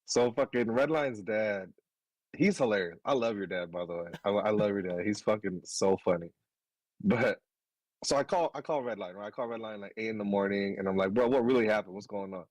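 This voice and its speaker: A man in his thirties, a podcast co-host, telling a story in casual chat, animated, swearing and laughing as he goes. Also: lowish voice, brisk, no echo, poor audio.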